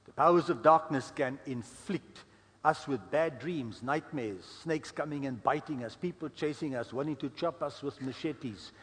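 A man's voice: medium pitch, moderate pace, fairly bright tone, in a large hall. A man preaching a sermon in a conversational storytelling way, with frequent fillers. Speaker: guest preacher.

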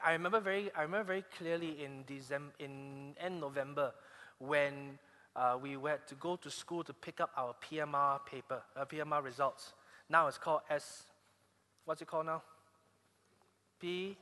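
A man's voice: a little high, bright, forceful tone. A man with a Malaysian English accent preaching a sermon, telling stories animatedly with frequent restarts. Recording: long hall reverb.

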